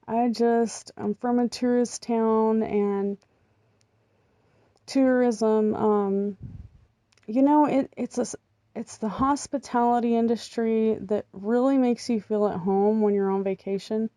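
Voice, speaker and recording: A woman's voice: a little high, fairly even intonation, slow, warm tone, dry recording, studio quality. A middle-aged American woman talking casually in a vlog, rambling and chatty with lots of ums and little laughs. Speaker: vlogger. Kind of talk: casual chat.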